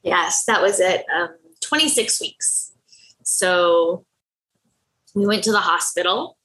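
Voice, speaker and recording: A woman guest telling a personal story in an interview, candid and animated, laughing often and acting out what people said. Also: slow, poor audio. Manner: animated, acts out her own past dialogue with lively pitch jumps. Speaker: podcast guest.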